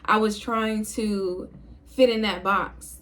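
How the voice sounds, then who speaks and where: Young woman, mid-pitched, speaking low and calm to camera; relaxed casual vlog chat. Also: takes it slowly. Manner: low, calm, chill delivery. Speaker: video creator.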